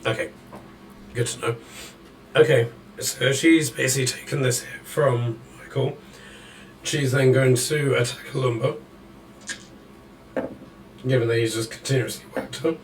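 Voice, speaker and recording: A man running a tabletop game as dungeon master, calling out the action in a measured play-by-play. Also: mid-range voice, steady tone, recorded from a distance, slight background noise, poor audio.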